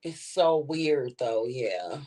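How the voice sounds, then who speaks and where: A woman's voice: a bass voice, slow. Blunt, profane woman ranting to camera. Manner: blunt, animated and profane, with slangy asides. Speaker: vlogger. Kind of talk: casual ranting monologue to camera.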